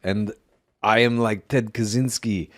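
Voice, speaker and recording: A man doing a slow, brooding Arnold-style loner. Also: on the low side, steady tone, fairly bright tone, dry recording, clean studio sound. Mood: brooding deadpan. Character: Arnold Schwarzenegger impression as loner shack man. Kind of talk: comedic improvised impression.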